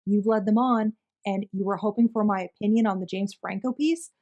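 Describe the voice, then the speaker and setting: A woman reads a long witness statement aloud at a steady, measured pace. Her pitch sits in the middle of the usual range, and she keeps the delivery plain. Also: muffled recording. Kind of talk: plain read-aloud narration.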